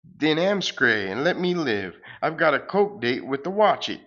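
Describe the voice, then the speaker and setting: A man voicing a goofy, boastful male space surfer hero who talks in an excitable, mock-heroic way. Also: fairly high pitch, moderate pace, lo-fi sound, voice pushed up.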